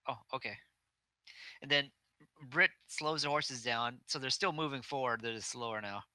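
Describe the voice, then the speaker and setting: Bright-voiced man playing a tabletop game. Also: medium pitch, normal speed, dry recording. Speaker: player. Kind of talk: casual tabletop role-play.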